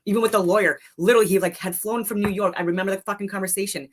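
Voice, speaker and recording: A woman's voice: mid-range voice, fairly even intonation, rapid-fire, slight background noise. A woman delivering an agitated, unscripted rant, swearing heavily and rambling between points. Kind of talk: unscripted ranting monologue.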